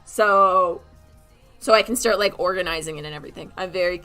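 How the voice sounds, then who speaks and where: Woman, from Canada, streamer, casual rambling chat, self-mocking, crisp bright tone. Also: lowish voice, fairly quick, faint music behind. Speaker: streamer and animator. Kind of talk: casual live-stream chat while drawing.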